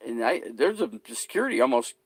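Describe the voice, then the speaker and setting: Gravelly, agitated man rambling to camera. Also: medium pitch, sing-song, a little fast, no echo. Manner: agitated, swears a lot, repeats himself. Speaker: vlogger. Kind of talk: rambling casual vlog.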